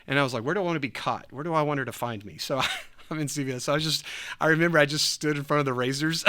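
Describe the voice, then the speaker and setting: A man telling a story in a casual chat, animated, laughing often and acting out what people said. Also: on the high side, racing. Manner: animated, acts out quoted voices, laughs often. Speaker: church podcast host.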